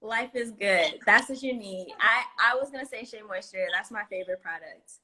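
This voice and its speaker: Bright, chatty woman hosting a live stream. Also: medium pitch, normal speed. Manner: laughs often, playful and chatty. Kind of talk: casual chat.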